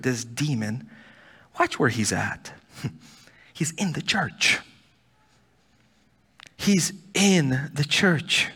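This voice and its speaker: A man preaching a sermon as pastor, swinging between loud pleading and hushed near-whispers. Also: on the high side, slightly rough. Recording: church hall reverb.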